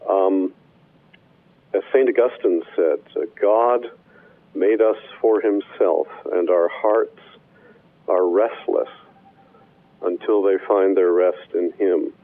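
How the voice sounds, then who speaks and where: Deep-voiced man on a phone line. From Wisconsin. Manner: measured, hesitant with many fillers. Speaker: guest, professor and minister. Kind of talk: radio interview answers. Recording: phone-line radio call.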